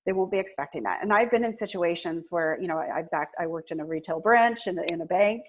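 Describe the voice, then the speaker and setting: A woman speaking as a guest on a video-call webinar, earnestly coaching listeners and acting out soft, empathetic phrases. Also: on the low side, quick pace, highs cut off. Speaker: guest speaker, agency co-founder. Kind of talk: webinar talk on client communication.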